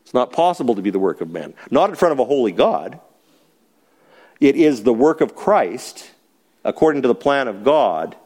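A man's voice: medium pitch, darkish tone. A man teaching a Bible class, explaining a passage with emphasis and putting questions to the class.

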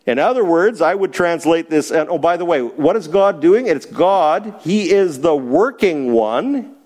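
A man's voice: fairly high pitch, expressive, measured pace, darkish tone. A man teaching a Bible class, explaining a passage with emphasis and putting questions to the class.

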